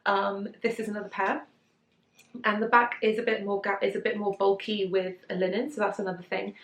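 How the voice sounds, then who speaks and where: A woman's voice: medium pitch, little pitch movement, brisk, fairly bright tone, reverberant. A young British woman chatting casually about her handmade clothes at home, giggly, with lots of fillers and asides. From Britain. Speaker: sewing vlogger. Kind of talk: casual chat. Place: room at home.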